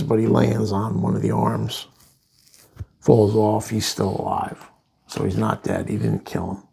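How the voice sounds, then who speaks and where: A man casually reviews a comic book, rambling through the plot with asides. His voice is lowish, mellow, and gravelly.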